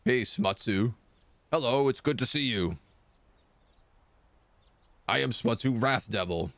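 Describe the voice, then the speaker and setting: A man's voice: mid-range voice, lively intonation, takes it slowly, a bit bright, no echo. A man streaming a video game, chatting casually and reading the game's text aloud.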